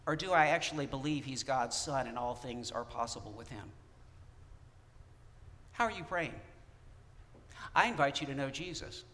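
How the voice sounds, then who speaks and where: A man preaching a sermon in a conversational, animated way, with casual asides to the congregation. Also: medium pitch, normal speed, pauses often. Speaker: pastor. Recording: long reverb of a church hall.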